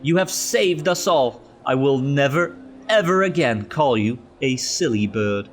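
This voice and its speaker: A man voicing a fussy, grumbling middle-aged bank manager in an animated storybook. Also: mid-range voice, measured pace, a little hiss or hum, pitched above the performer's own voice, close to an everyday voice. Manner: grumbling, dismissive.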